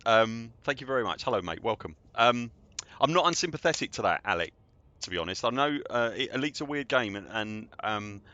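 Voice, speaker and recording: A man's voice: mid-range voice, expressive, brisk, pushed and bright, dry recording, highs cut off. A man, chatting and joking in a rambling way as a game streamer at home. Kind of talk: casual livestream chat.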